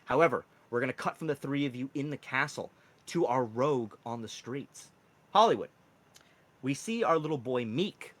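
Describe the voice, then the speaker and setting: A man's voice: medium pitch, expressive, moderate pace, fairly bright tone. A man narrating as dungeon master in a casual, rambling way. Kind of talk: narrating a tabletop game.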